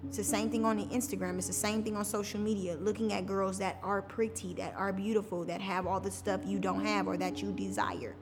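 A woman with a medium-pitched voice tells her own story as a podcast guest, speaking briskly with hardly any pauses. She's casual and candid, saying "like" often, in a reverberant room with faint music and background noise.

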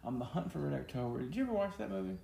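Podcast co-host, male, teasing banter, gravelly and warm-toned, echoey room. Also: a little high, lively intonation, rapid-fire, slight background noise. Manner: joking, teasing. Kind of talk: casual chat. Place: home studio. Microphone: podcast mic.

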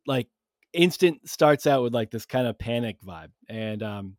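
A man's voice: mid-range voice, lively intonation, unhurried, dry recording, studio quality. A male podcast host telling a casual, rambling story with plenty of swearing and self-mocking jokes.

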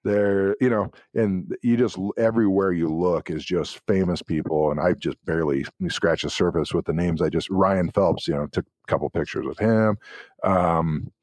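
Deep-voiced man telling animated stories. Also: normal speed, no echo. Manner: animated anecdotes with acted-out quotes. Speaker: guest, former pro football player. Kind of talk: casual interview storytelling.

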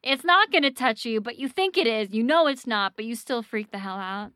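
A woman host casually telling a ghost story on a podcast, animated and swearing freely. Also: fairly high pitch, fairly quick, dry recording, clean studio sound.

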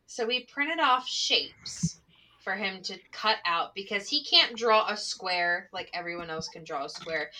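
A woman who works as a special education teacher, telling a story in casual chat, animated and full of "like", laughing as she goes. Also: medium pitch, a little hiss or hum, rough recording.

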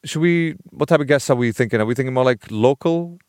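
A man's voice: mid-range voice, fast talker, darkish tone, dry recording, studio quality. A young man from the Northeast of England with a Northern English accent, hosting a podcast in casual, joking banter. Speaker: podcast host. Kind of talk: casual chat.

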